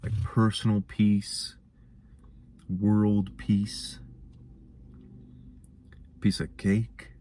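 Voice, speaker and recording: A man's voice: fairly low pitch, level tone, extremely slow, pauses often, dark tone, a little hiss or hum. A young man hosting his own show, musing in a laid-back, rambling way. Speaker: host. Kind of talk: casual monologue.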